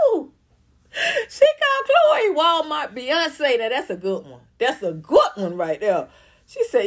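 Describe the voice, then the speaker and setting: A woman delivers celebrity gossip commentary in a blunt, profane, sarcastic rant. Her voice sits a little high and swings widely in pitch. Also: sing-song, normal speed.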